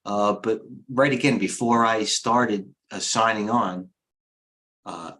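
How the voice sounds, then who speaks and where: A man's voice: fairly low pitch, fairly even intonation, takes it slowly, a bit bright, low-quality recording. A middle-aged man, a head trader and coach, giving rambling, off-the-cuff live market commentary with blunt opinions and lots of fillers.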